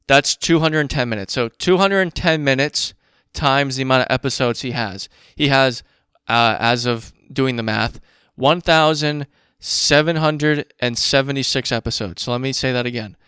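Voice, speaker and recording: A man hosting a podcast, ranting in a casual, profane and worked-up way while doing math out loud. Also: medium pitch, moderate pace, smooth, dry recording, studio quality. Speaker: podcast host.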